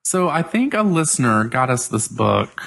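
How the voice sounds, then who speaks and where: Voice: medium pitch, big pitch swings, moderate pace, creaky, fairly bright tone. A podcast co-host in casual chat, rambling with lots of fillers.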